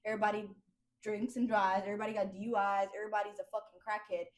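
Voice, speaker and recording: A woman's voice: mid-range voice, flat delivery, racing. A young woman with AAVE speech talking bluntly and profanely as a podcast host, in casual chat.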